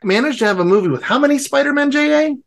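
Male co-host, casual review chat, animated and effusive, lively pitch. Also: quick pace, creaky, a little hiss or hum. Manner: effusive, animated, piling up praise. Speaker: podcast co-host.

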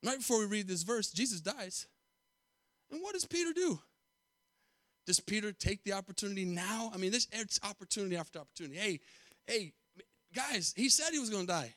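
Pastor, man, high voice, dry close sound; emphatic sermon with repetitive call-outs, hushed to loud. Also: expressive, fairly quick, pauses often, no room sound.

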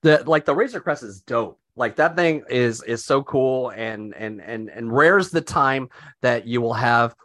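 A man's voice: medium pitch, animated, measured pace, a bit bright, no room sound, studio quality. Rambling, cursing male podcast co-host. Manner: rambling, profane, lots of restarts. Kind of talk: casual chat.

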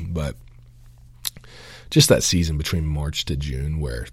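Young adult man, podcast guest; very low husky voice, earnest and halting, dry close mic. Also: sing-song, no room sound. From Augusta, Georgia, US. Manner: earnest, halting, many fillers and restarts. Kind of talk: candid testimony.

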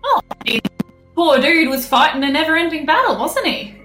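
A woman's voice: sits high, sing-song, normal speed, a bit bright, reverberant, soft background music. A woman playing a tabletop game in character, casual and laughing as she speaks her character's lines. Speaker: player.

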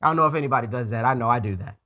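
A man's voice: mid-range voice, very fast, pushed and bright. A man preaching a conversational sermon as pastor, earnest, often stumbling and repeating words as he goes.

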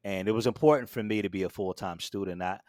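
Animated storytelling man, dry close sound. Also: fast, dry recording. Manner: animated, acts out quotes with big jumps in pitch and volume. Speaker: guest. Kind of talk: storytelling in a casual interview.

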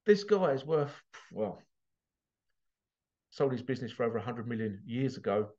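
A passionate man talks straight to his viewers about jealousy and pushing forward, swearing freely and choking up with emotion. His voice sits at an ordinary middle pitch, and the recording sounds a little muffled. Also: animated, normal speed, warm tone. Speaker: motivational vlogger. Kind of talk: emotional motivational monologue.

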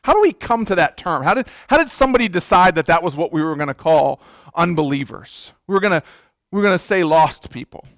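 A man's voice: sits high, lively intonation, fairly quick, fairly bright tone, dry recording, clean studio sound. A man preaching a sermon as pastor, emphatic, repeating words and restarting his sentences.

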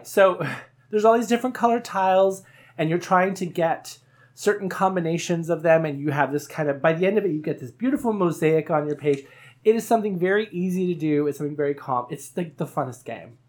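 A woman hosts a relaxed podcast among friends. She talks in a rambling, animated way and laughs often between her stories. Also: fairly low pitch, brisk. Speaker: podcast host. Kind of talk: casual chat with friends.

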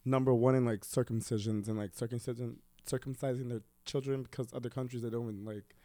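A man's voice: medium pitch, steady tone, quick pace, mellow, no room sound, studio quality. A young man telling a rambling, profane story in casual chat, with lots of "like" fillers.

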